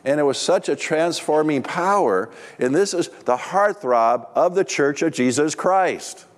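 A man's voice: a little high, expressive, a little slow. A middle-aged man, a pastor, preaching a sermon with humorous personal stories in a chatty, conversational way.

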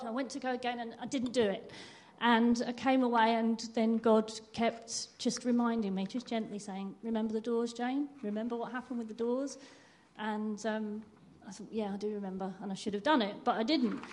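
A woman's voice: fairly high pitch, fairly even intonation, a little fast, hardly any pauses, darkish tone. A woman sharing a candid personal testimony at church, with self-deprecating laughs.

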